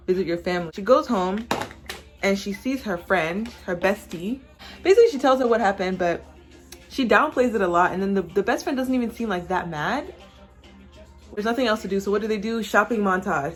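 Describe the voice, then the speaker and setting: A young woman vlogger tells a movie story in a casual, sassy way. She drops into little voices for the characters and keeps the energy up, with her pitch sitting in an ordinary middle range. Soft music plays faintly underneath. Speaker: vlogger reviewing a movie while doing makeup. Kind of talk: casual chat.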